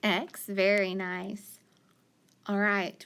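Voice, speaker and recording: Woman teacher, phonics lesson, unhurried, patient, sounds out letters, quick praise. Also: mid-range voice, a bit bright, smooth. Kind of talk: phonics lesson for young learners.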